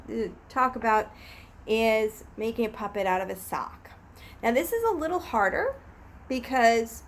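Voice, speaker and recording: A woman with a high, light voice walks through a craft demonstration for children and their parents at home. She is gentle and patient, explaining each step slowly and unhurriedly. A faint hiss sits under her voice.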